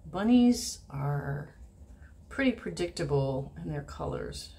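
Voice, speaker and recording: Low gravelly woman chatting while painting. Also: takes it slowly, slight background noise. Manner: chatty, thinks aloud, drifts into soft murmurs while painting. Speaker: watercolor instructor. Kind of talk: casual painting tutorial.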